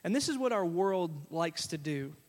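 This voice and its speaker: A man's voice: a little high, animated, normal speed, in a large hall. A male pastor giving a sermon in a conversational, storytelling way, often asking the congregation questions. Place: church sanctuary.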